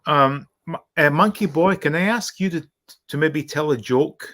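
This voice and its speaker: A man hosting a casual live stream, talking in a rambling, halting way with many pauses. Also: fairly high pitch, fairly bright tone. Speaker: host.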